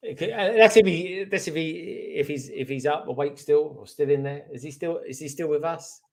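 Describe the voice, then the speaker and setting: A man, a guest on a casual livestream, telling loose rambling anecdotes in a relaxed way. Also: a little high, a little fast.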